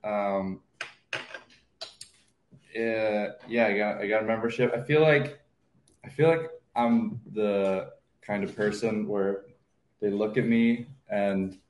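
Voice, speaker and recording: A man's voice: fairly low pitch, a little mellow, echoey room, a little hiss or hum. A man in his twenties chatting casually as a show regular, rambling with lots of fillers. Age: 20s. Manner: rambling, halting, full of fillers. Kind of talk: casual banter.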